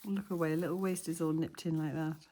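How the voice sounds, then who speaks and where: A woman's voice: low-pitched, fairly even intonation, fairly quick, warm tone. A middle-aged woman chatting casually through a crafting vlog, gushing and sentimental as she unboxes and works. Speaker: dolls house hobby vlogger.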